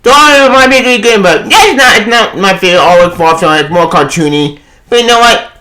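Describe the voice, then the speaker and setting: A young man giving a casual video review of a comic book, excitable and gushing, stumbling over his words and swearing now and then. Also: high-pitched, brisk, poor audio.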